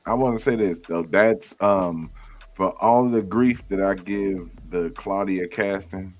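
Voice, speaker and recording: A man's voice: sits low, unhurried. A man, a guest on a casual podcast chat, opinionated and arguing his point.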